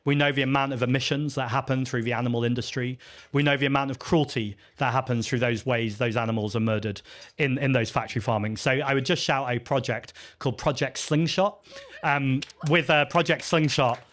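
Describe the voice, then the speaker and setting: A man's voice: mid-range voice, fairly even intonation, fast talker, fairly bright tone. A man, a party leader, answering audience questions at a live festival Q&A in an earnest, chatty, self-deprecating way, with frequent ums and restarts.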